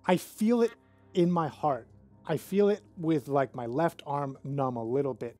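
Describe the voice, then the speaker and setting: A man's voice: a little high, measured pace, darkish tone, no room sound, soft background music. A man with a British accent doing comedic game commentary as a mock motivational guru who rants and swears. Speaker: let's play host.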